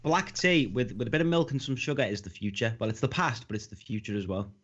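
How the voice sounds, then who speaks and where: A man's voice: medium pitch, fast talker. A man chatting on a casual group podcast, cheerful but a little hesitant. The audio is dull and lo-fi like an online call.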